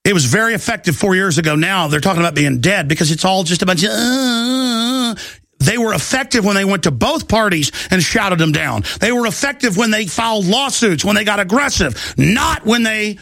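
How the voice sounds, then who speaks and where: Gravelly, combative talk radio host. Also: male voice, sits high, animated, brisk, hardly any pauses, no room sound, clean studio sound. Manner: loud, combative, mocking impressions of opponents. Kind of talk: heated political talk radio monologue.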